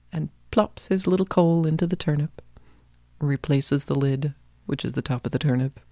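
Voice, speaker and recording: Woman podcast host, low voice, dry close recording, lively storyteller. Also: no echo. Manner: animated, playful narration. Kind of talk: casual storytelling chat.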